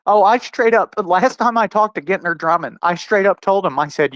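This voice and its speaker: Angry, profane man with a fairly high voice. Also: a bit bright, no room sound, dull audio. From Oklahoma. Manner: angry, profane, rapid storytelling with quoted retorts. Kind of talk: heated podcast conversation.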